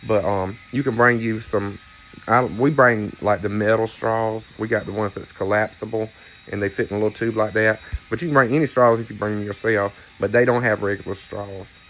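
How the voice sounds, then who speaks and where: Talking casually to his viewers on camera, a man vlogger tells rambling stories and drops playful teasing asides. His voice is fairly low and a bit bright, with fairly even intonation at a moderate pace, and a little hiss or hum is audible.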